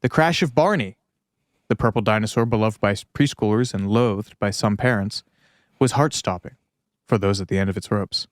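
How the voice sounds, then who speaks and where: A man's voice: fairly low pitch, moderate pace, no room sound. Dry-voiced man reading aloud on a podcast. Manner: laughs and breaks off mid-reading, wry asides. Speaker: podcast co-host. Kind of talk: casual chat, reading an article aloud.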